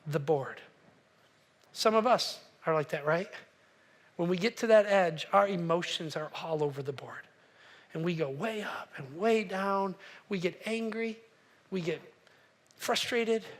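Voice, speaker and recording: A man preaching a sermon as pastor, telling a story with animated quotes and asking the congregation questions. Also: high voice.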